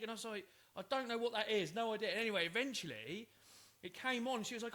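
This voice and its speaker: A man's voice: very high voice, fast. A man, co-hosting a casual podcast chat and telling anecdotes about his children. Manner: chatty, relaxed anecdotes with frequent fillers. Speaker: podcast co-host.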